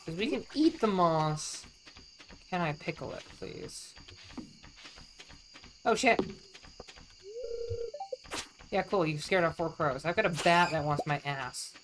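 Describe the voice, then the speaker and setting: A woman streaming a farming game, chatting casually with her viewers and admitting she feels low and upset. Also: unhurried, pauses often. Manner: chatty, swears casually, talks to chat. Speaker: vtuber streamer. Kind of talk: casual gameplay chat. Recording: steady background noise.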